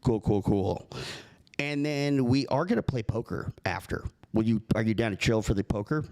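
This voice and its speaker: A man's voice: medium pitch, normal speed, darkish tone. A man making a prank call, earnest and rambling, keeping a straight face. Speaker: prank caller.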